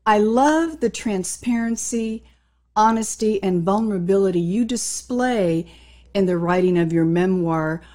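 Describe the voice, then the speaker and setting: A woman host introducing a guest's memoir and asking measured interview questions. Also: medium pitch, a little mellow. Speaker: talk show host.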